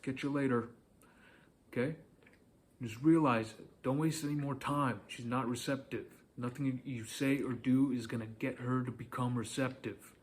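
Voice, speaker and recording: A man's voice: mid-range voice, fairly even intonation, moderate pace. A man giving dating advice in a casual, direct monologue, coaching the listener and often checking in with "okay?".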